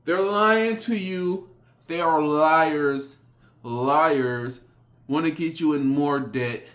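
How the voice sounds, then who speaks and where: A man giving a blunt motivational speech, repeating short phrases with sudden forceful rises. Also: fairly high pitch. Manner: blunt, repetitive, hammering phrases; slow, emphatic delivery with sudden loud rises. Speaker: motivational speaker.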